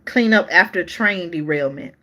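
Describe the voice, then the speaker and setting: A woman's voice: lowish voice, moderate pace, sharp tone. A woman hosting a live-stream news show, reading articles aloud in a chatty way and talking straight to her viewers, often stopping to restart or look things up.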